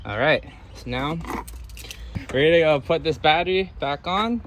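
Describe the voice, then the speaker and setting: A man's voice: fairly high pitch, moderate pace, a little hiss or hum. Man giving step-by-step repair steps. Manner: relaxed step-by-step instruction. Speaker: mechanic. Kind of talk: hands-on repair walkthrough. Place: auto repair shop.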